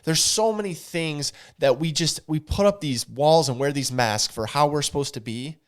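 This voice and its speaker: In a candid podcast conversation, a co-host addresses his listeners as y'all, talking earnestly and a bit preachily. His voice sits on the high side at a normal speed.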